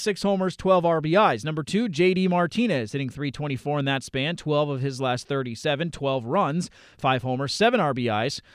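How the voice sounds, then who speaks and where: A man with a slightly high voice hosts a fantasy baseball show, running through player numbers in a brisk list. He drops deadpan asides between the stats. The recording is close and dry, with no room sound. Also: smooth, no room sound. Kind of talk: stats rundown on a podcast.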